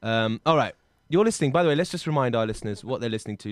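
A man's voice: medium pitch, animated, rapid-fire. A man hosting a comedy podcast in a playful, teasing way. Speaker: podcast host.

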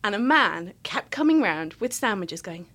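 A woman in her thirties, a podcast guest telling a personal story in casual chat, animated and full of laughs. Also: mid-range voice, moderate pace. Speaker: podcast guest, writer and performer.

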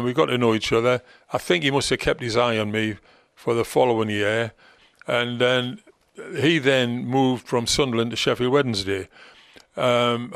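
A man's voice: mid-range voice, fairly bright tone, clean tone, no room sound, clean studio sound. An older man with a Geordie accent, a former football manager reminiscing in an interview with a chatty, storytelling manner. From North East England. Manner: chatty storyteller with fillers and dialect words.

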